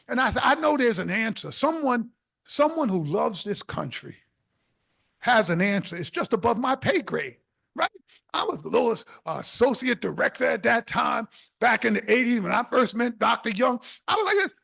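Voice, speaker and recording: An older man from the South Bronx giving an inspirational speech, telling stories in an animated way with bursts of shouted emphasis. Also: extremely high pitch, normal speed, vocal fry. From South Bronx, New York. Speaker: keynote speaker.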